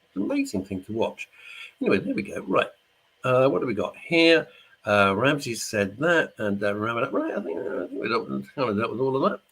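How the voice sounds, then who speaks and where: A man's voice: medium pitch, very animated, fairly quick, fairly bright tone, husky. A middle-aged man hosting a radio show, chatting casually and jokingly while reading out listener messages. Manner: chatty, jokey, rambling. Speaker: radio host. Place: studio.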